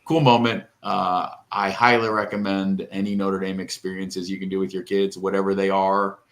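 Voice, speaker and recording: A middle-aged man co-hosting a podcast, telling a long, rambling, emotional story in casual chat and tearing up. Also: lowish voice. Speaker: podcast co-host.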